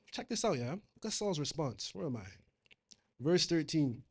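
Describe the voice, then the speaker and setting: A man's voice: fairly high pitch, sing-song, moderate pace, breathy edge. A man preaching a sermon in a conversational way, reading scripture aloud and retelling it in casual slang.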